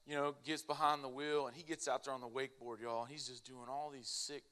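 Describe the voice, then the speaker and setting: A man's voice: mid-range voice, fairly quick. A young man, telling a humorous story to a live church audience and laughing along as he goes. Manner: animated, laughs through his own story. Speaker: speaker at a church family event.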